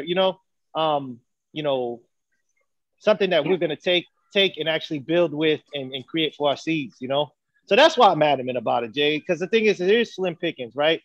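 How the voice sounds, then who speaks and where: A man's voice: on the high side, no echo, muffled recording. A man co-hosting a casual debate chat, speaking earnestly and thinking aloud with many fillers. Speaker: podcast co-host.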